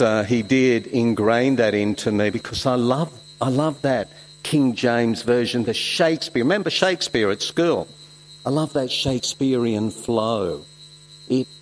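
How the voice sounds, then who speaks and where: A middle-aged man, originally from Switzerland, preaching a sermon, swinging from loud emphasis to soft asides. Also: mid-range voice, normal speed, slight background noise. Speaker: pastor.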